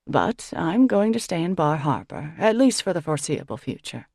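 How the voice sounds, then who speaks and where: A woman voices a gentle middle-aged mother, soft and apologetic, with a gravelly low edge. The sound is dry and close. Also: sing-song, moderate pace, dry recording, full character voice.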